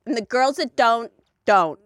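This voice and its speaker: A young woman co-hosts a podcast in a chatty, storytelling manner. Her voice is mid-pitched and lively, moving a lot, recorded dry and close. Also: a little slow, no echo. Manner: chatty anecdote telling with laughs. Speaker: podcast co-host. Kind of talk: casual chat.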